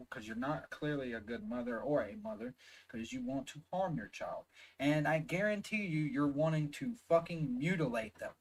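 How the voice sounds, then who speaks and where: A man's voice: a little high, big pitch swings, moderate pace, rough recording. A man with a Southern US accent giving heated, emphatic reaction commentary, swearing often and stressing words one by one. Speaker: reaction video host.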